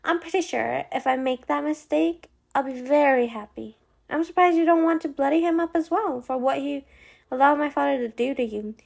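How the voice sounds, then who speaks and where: A woman reads a fierce young heroine, high-pitched and defiant, with a gravelly edge under the sharp, impulsive lines. The storybook character snaps back quickly and stubbornly. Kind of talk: audiobook character voice.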